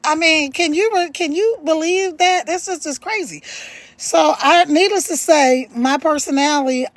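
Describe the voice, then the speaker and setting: A middle-aged woman hosting a live stream from home, telling a story in an animated, chatty way and laughing as she talks, into a phone. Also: sits high, measured pace, no room sound, poor audio. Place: at home, later walking in her backyard.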